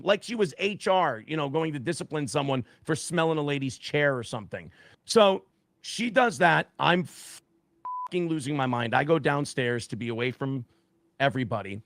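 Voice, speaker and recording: A man recounting a story with lots of swearing and emphasis. His voice is gravelly and fairly high, swinging widely in pitch, and the sound is dry and close. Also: animated, moderate pace, fairly bright tone, no echo. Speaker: guest telling a personal story. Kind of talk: recounted anecdote.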